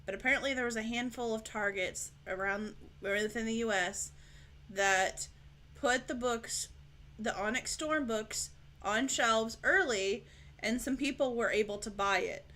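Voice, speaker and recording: Bright-voiced woman, hedging casual chat. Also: fairly high pitch, unhurried. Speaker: book channel co-host.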